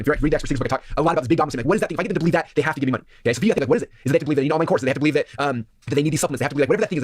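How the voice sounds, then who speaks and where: A man giving a seminar presentation as a sales speaker, energetic and constantly checking in with his audience. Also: a little high, no room sound, clean studio sound.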